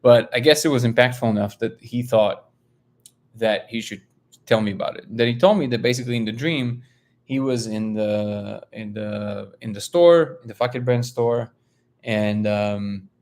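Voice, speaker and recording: A man from Russia hosting a casual live stream, reading viewer comments aloud and telling a story with lively, high-pitched quotes of other people. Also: unhurried. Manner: animated storyteller, jumps up in pitch when quoting others. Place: home, living in LA.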